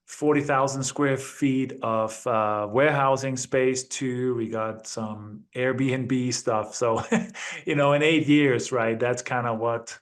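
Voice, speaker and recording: A male guest in a conversational interview with an ordinary mid-range voice. He speaks in a relaxed, reflective way, often checking in with a quick question after each point. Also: mid-range voice. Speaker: guest, apartment investor.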